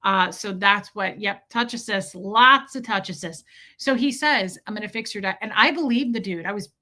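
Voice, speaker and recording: Woman, livestream host, candid animated storytelling, greets chat viewers, bright tense voice. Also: medium pitch, moderate pace.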